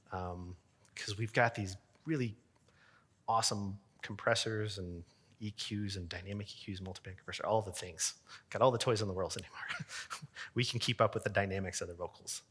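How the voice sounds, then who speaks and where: Man, church sound engineer, chatty talk to a room, lots of ums and likes, lowish, bright. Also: fairly even intonation, normal speed. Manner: chatty, filler-heavy, joking asides. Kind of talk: casual conference talk.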